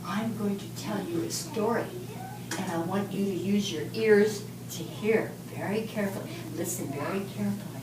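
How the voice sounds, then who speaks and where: A woman teaching a class of young children, speaking slowly and patiently as she leads clapping and rhythm chants. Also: medium pitch. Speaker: music teacher. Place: elementary school classroom. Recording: echoey classroom from far off, noisy.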